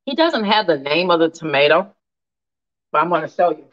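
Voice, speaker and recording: A woman hosting a casual live cooking stream, animated and laughing often as she reads viewer comments aloud. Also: fairly low pitch, a little fast, highs cut off.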